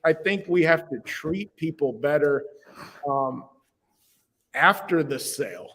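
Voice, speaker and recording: A man's voice: a little high, expressive, slow, fairly bright tone. Earnest man with a reverberant voice. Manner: earnest and reflective, speaks from the heart. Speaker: podcast guest. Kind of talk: conversational podcast interview.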